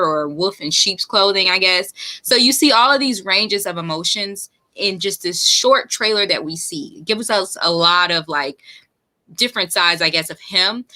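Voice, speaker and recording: A woman's voice: medium pitch, pushed and bright. A woman hosting a trailer reaction video, chatting casually, enthusiastic and rambling, often correcting herself.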